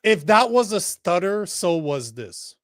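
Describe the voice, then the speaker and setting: A man co-hosts a casual political chat, blunt and heated, with plenty of swearing. His voice sits a bit high, and the sound is dry and close. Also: big pitch swings, measured pace, no echo. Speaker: podcast co-host.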